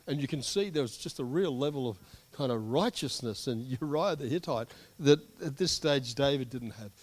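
A male pastor preaching in a relaxed, conversational way, and he often breaks into animated storytelling. His voice sits at a mid pitch, and he adds friendly asides to the congregation. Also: normal speed. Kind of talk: sermon.

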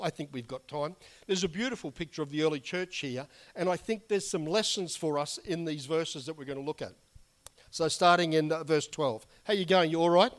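Hoarse man preaching earnestly. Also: a little high. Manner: earnest, conversational preaching with frequent "you know". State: losing his voice. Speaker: pastor. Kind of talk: sermon.

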